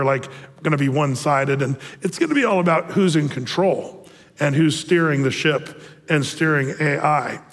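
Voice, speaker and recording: A man's voice: fairly high pitch, a bit bright, in a large hall. A man giving a casual, digressive sermon as a pastor, with joking asides. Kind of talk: casual prophecy-update sermon.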